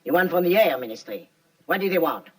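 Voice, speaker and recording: An actor playing a pushy, anxious business rival who is insistent and easily agitated, in 1950s film acting. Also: male voice, a little high, animated, fast. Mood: pressing. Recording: distant old film soundtrack with music.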